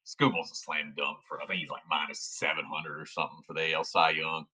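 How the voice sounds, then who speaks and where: A man's voice: very deep voice, level tone, fast, sharp tone. A man co-hosting a sports betting podcast, folksy and emphatic in casual chat.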